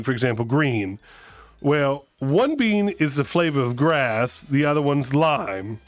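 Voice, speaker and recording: A male streamer chats casually on a live stream, rambling and self-mocking. His voice sits a little high and sounds smooth and resonant. The sound is dry, with faint music underneath. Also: no room sound. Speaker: streamer host. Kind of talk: casual storytelling chat.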